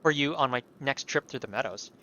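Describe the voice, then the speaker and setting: A man's voice: mid-range voice, fairly quick, sharp tone, muffled recording, lightly acted. A man reading the lines of a polite, hesitant master painter in a game playthrough, in close to his own voice.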